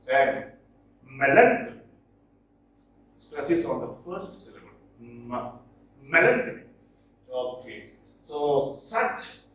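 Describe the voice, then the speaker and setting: A man, lecturing on poetry as a teacher, stressing and repeating key words slowly. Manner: emphatic, repeats key words slowly, with lively pitch jumps. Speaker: English teacher. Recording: roomy echo, distant from mic.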